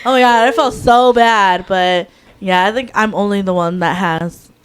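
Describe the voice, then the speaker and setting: A young adult woman co-hosting a casual chat, telling stories with animated energy and acting out the people in them. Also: medium pitch, normal speed, clear, resonant tone. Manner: animated storyteller who acts out screams and quotes. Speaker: podcast co-host.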